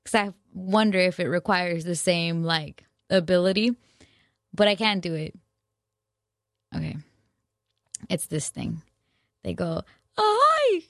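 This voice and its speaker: A woman's voice: fairly low pitch, a little slow, long pauses, dry recording, clean studio sound. A young woman chatting casually to her viewers, rambling and self-mocking, full of slang and restarts. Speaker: vlogger. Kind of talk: casual chat to camera.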